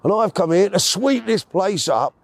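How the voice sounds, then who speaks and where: A man's voice: high voice, animated, normal speed, no room sound, voice pushed up. A man voicing a big, tough, self-important male prison officer, with a clumsy put-on Welsh accent and clipped, stern orders. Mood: menacing. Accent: Welsh, put on badly.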